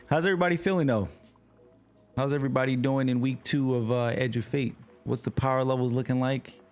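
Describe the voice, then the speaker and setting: A man with a New York accent streams a game and chats loosely with his viewers, relaxed and slangy. His voice sits at an everyday middle pitch. Faint game music runs underneath. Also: a little fast. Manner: relaxed, slangy, talks to chat. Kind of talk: casual livestream chat while gaming.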